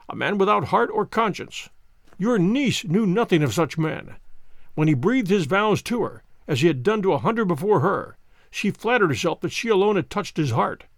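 A man voicing a calm stern detective. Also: sits high, creaky, no room sound. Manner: measured, composed explaining. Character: calm, stern male detective, self-assured. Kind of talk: audiobook character reading.

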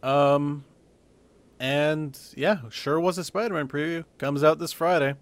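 A man's voice: on the high side, fairly even intonation, no echo. A man hosting a casual podcast chat, blunt and opinionated in his takes. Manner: blunt, opinionated, quick to judge.

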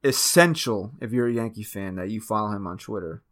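A man's voice: on the low side, brisk, a bit bright. A man co-hosting a casual sports podcast, teasing and laid-back. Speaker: podcast co-host. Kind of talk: casual sports talk banter.

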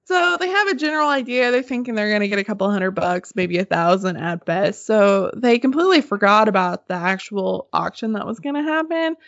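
A woman casually telling a story on a podcast, animated and swearing freely, laughing as she goes. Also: mid-range voice, fairly quick, gravelly, few pauses, no echo. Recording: slightly muffled dry podcast audio.

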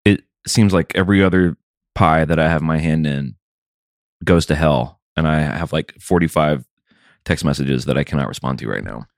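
A man's voice: very deep voice, moderate pace, creaky, no echo, studio quality. A man in his thirties from the American South, co-hosting a podcast in a casual, rambling, wry and sometimes profane way. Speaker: podcast co-host. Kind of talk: casual chat.

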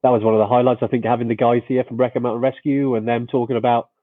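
A man's voice: medium pitch, flat delivery, very fast, dry recording, narrow, tinny audio. A man co-hosting a casual live-stream chat, friendly and laid-back.

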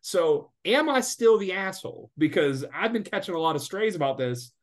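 Profane ranting podcast man. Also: fairly high pitch. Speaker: podcast co-host. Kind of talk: casual sports betting podcast chat.

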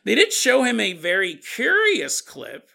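A male podcast host tells an odd tale with jokey asides and frequent chuckles. His voice sits high and bright with a gravelly edge. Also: huge pitch swings, unhurried. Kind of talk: comedic paranormal storytelling.

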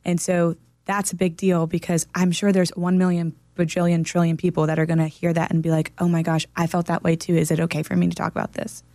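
Earnest, gravelly-voiced woman storyteller. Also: lowish voice, fast, few pauses, no room sound. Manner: earnest, animated storyteller, encouraging. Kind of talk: casual chat.

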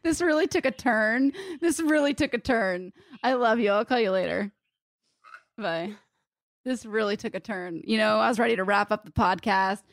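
Animated teasing woman, high and dry. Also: normal speed, no echo. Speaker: podcast co-host. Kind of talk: casual chat.

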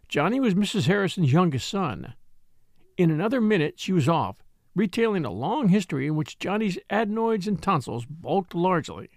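A man narrating an audiobook in a measured storytelling manner, also voicing a wry country doctor. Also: high-pitched, big pitch swings, a little mellow, no echo, studio quality. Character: middle-aged country doctor, dry and wry. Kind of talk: audiobook reading.

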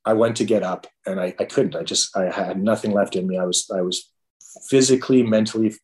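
A middle-aged man, a podcast guest, telling an emotional personal story in a halting way, full of restarts and fillers. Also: fairly low pitch, darkish tone.

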